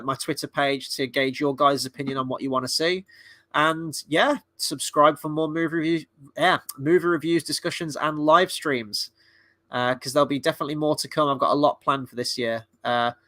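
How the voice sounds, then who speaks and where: A man with a fairly high, bright, forceful voice talks through a live awards watchalong. He is chatty and excitable, swearing freely as he reacts. His voice sounds close and dry. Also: dry recording. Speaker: livestream host and movie reviewer. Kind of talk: casual live watchalong commentary.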